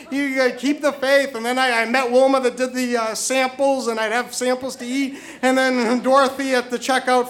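Brief: high-voiced male storyteller, stammering and repetitive, comic anecdote. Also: a bit bright. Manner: stammering, repeats words nervously.

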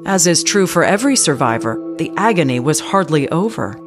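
A woman reads scripted documentary narration in a measured, grave way. Her voice sits a little low, with clear music playing underneath. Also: big pitch swings.

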